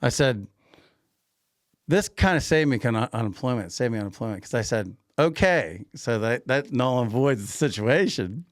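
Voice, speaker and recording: A man co-hosting a podcast, casually telling an animated anecdote, laughing often and repeating himself. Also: medium pitch, moderate pace, no echo, clean studio sound. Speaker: podcast co-host and grocery store owner.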